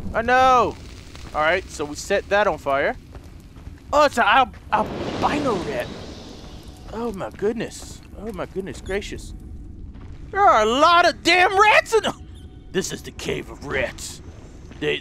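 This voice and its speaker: A very high-pitched man narrating his gameplay, and his voice swings up and down all the time. He reacts with excitement, swears freely and yells at what happens on screen. Game sounds play clearly behind him. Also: background noise. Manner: excitable, swears, talks to the viewers, shouts at the game. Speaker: gaming video host. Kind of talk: let's play commentary.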